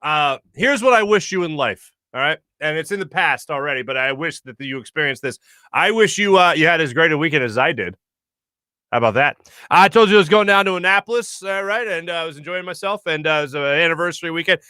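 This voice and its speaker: High, bright-voiced chatty male radio host. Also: fast, clear, resonant tone, no echo. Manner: chatty, animated storytelling with many fillers. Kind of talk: casual solo monologue. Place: radio studio.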